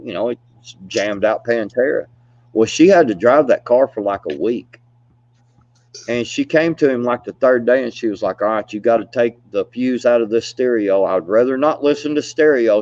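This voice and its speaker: A man's mid-range, somewhat mellow voice carries a rambling, laid-back storytelling chat full of laughter and "you know" fillers. The sound is dry, dull, and lo-fi.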